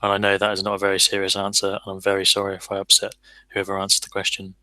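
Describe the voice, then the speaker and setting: Man, podcast co-host, casual rambling chat, lowish voice, very bright tone, dry sound. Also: completely flat delivery, very fast, dry recording, rough recording. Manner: rambling, self-deprecating, enthusiastic.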